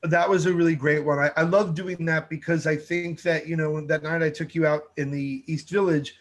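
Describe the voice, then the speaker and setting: A man tells stories in a relaxed interview, voicing the people he quotes. His voice sits a little high for a man. His delivery is lively and conversational. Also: moderate pace. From New York. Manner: animated storyteller, acts out quotes. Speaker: TV food show host, guest.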